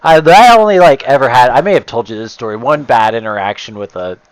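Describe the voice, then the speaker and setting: A man's voice: mid-range voice, lively intonation, a little fast, clean tone, dry recording, rough recording. A man chatting casually, rambling with lots of "like" and swearing easily. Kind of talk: casual chat.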